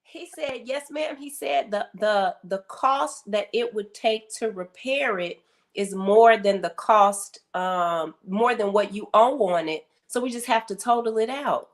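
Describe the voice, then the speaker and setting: With a mid-range voice and an unhurried pace, a middle-aged woman invited to speak about grief recounts a story interview-style. She brings the characters to life, acting out their words with animation.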